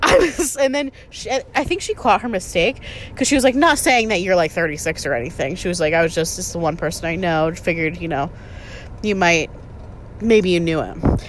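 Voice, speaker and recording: A woman's voice: fairly low pitch, a little fast, a little hiss or hum. A woman in her thirties telling a story in casual chat, sarcastic and full of "like", swearing freely. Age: 30s. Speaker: podcast host.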